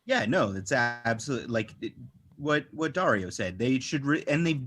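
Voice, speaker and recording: A man's voice: mid-range voice, lively intonation, moderate pace, fairly bright tone, a little hiss or hum. A man on a live toy collecting podcast panel, speaking emphatically with frustrated complaints and many fillers. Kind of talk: casual live podcast chat.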